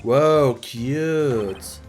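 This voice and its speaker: A streamer voicing an excitable young female assistant, reading game dialogue aloud. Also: mid-range voice, very slow, soft background music. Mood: eager.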